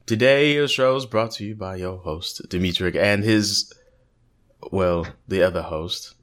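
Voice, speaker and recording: A man's voice: sits low, a little slow, a bit bright. A man doing a stuffy tweed-coated narrator. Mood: mock-formal. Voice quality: watered-down fake British accent. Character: stuffy male library narrator in tweed, faint mock-British. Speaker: host.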